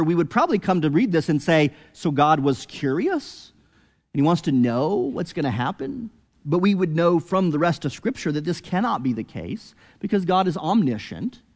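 Earnest preacher in a reverberant hall. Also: male voice. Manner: earnest, rises to emphatic peaks then drops low and quiet. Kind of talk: expository sermon.

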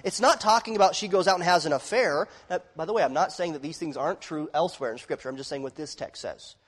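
Male preacher, high-pitched, dramatic sermon delivery, quiet to emphatic, long hall reverb. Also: fast. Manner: dramatic, swings from quiet to shouting.

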